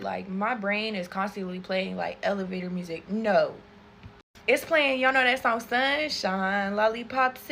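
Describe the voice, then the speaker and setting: A young woman in her twenties telling a storytime while getting ready, animated and swearing constantly. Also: medium pitch, slight background noise. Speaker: TikTok storyteller. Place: bedroom.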